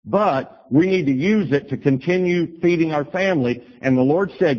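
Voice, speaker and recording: Man preacher, husky, storytelling sermon, muffled lo-fi sound. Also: on the high side, normal speed, hardly any pauses. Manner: storytelling, animated bursts when quoting himself. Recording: dull lo-fi recording.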